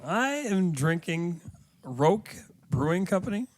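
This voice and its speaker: A man co-hosting a podcast, chiming in with short, low-key remarks. His voice sounds dry and close, without room echo. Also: sing-song, unhurried. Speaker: podcast co-host. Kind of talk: casual chat. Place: small recording studio.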